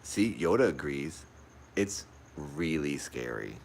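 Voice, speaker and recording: A man with an extremely low, gravelly voice chatters through a horror game he is streaming from a dark room at home. He frightens easily and keeps repeating his exclamations. He is recorded on a phone, with a faint hiss underneath. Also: expressive, takes it slowly. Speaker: livestreamer playing a horror game. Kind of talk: live gameplay commentary. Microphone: phone pointed at the TV.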